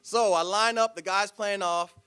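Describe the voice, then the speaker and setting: High, bright-voiced man telling a story. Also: normal speed, clear, resonant tone, faint music behind. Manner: animated, dramatic storytelling with sound effects. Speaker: guest speaker.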